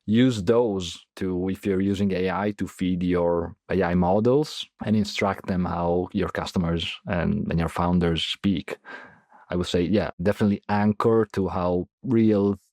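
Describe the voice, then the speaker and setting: A man's voice: low voice, fairly even intonation, measured pace, darkish tone, dry recording, studio quality. A man answering as a podcast guest in a casual, hesitant way, with many fillers and restarts.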